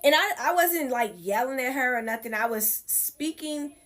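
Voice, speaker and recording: A woman's voice: high voice, expressive, normal speed, a bit bright. A woman casually recounting a personal story in a conversational way, shown as a clip in a reaction video.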